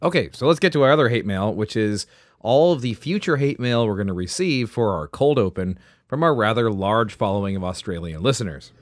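A man's voice: on the low side, expressive, fairly quick, no room sound. A man co-hosting a history podcast, speaking with dry humor and playful formal phrasing. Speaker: podcast co-host. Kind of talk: casual podcast chat.

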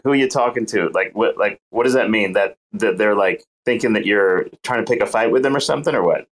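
Curious, hesitant man with a low voice. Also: fairly quick, poor audio. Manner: curious, questioning, hesitant restarts. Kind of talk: casual chat.

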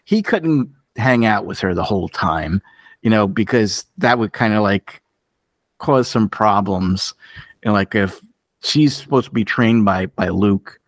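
A man co-hosting a podcast in casual chat, opinionated and animated, jumping up in pitch for emphasis. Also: unhurried, no echo. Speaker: podcast co-host.

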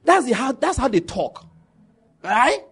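Husky Nigerian man telling stories. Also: very high-pitched, measured pace. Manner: animated, laughs while telling stories, jumps into pidgin quotes. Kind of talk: casual storytelling monologue.

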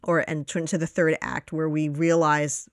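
A woman co-hosting a casual movie review chat, animated and swearing, her voice jumping up when she makes a point. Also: moderate pace, no room sound, studio quality. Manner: animated, swearing, jumps in pitch when emphatic. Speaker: podcast co-host.

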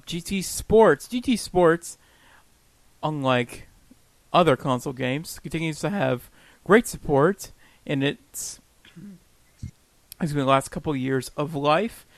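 A man's voice: a little high, no echo. A man co-hosting a casual podcast chat, laughing often and poking fun at himself. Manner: laughs often, self-deprecating. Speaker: podcast co-host.

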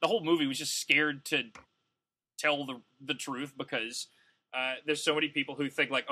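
A man's voice: fairly high pitch, animated, fast talker, sharp tone. A man co-hosting a podcast, ranting with heat in a profane, casual way, full of fillers. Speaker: podcast co-host. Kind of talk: casual comedic rant.

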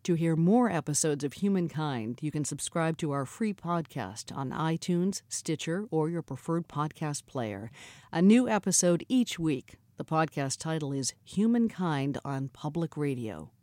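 A man reading a scripted promo for a radio program's podcast in a friendly, even manner. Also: fairly high pitch, measured pace, no echo. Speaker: program announcer.

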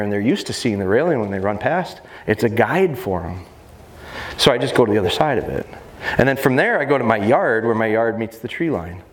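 A man, a dog trainer, giving a lively live seminar talk to an audience in a large expo hall, often joking. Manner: lively, jokey, acts out high baby-talk voices to dogs. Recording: echoey hall with faint noise.

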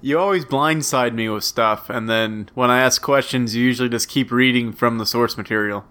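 Podcast guy cohosting, bright punchy voice, goofy joking banter. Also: medium pitch, moderate pace, smooth. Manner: playful, jokey, drops into silly sung bits. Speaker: podcast co-host. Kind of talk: casual comedic banter.

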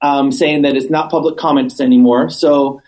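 A man chatting as a podcast guest, telling stories with animated, acted-out quotes and emphatic repetition. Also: fairly high pitch, normal speed, poor audio. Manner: animated storyteller, acts out quotes; emphatic, repeats points. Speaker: cannabis business owner, guest. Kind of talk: casual interview chat.

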